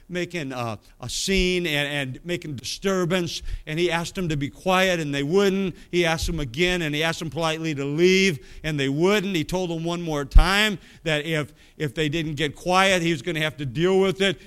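A man preaching from the pulpit in a slightly higher-pitched voice. He tells his testimony with animation, dropping low and quiet, then climbing to loud, emphatic stretches. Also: clean tone. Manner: animated storytelling that swings from quiet asides to loud emphatic bursts. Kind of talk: sermon, personal testimony.

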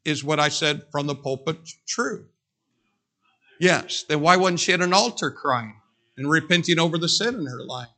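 A middle-aged man preaching a sermon as a pastor in a church, emphatic and repeating phrases with dramatic pauses. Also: a little high, sharp tone. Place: church sanctuary.

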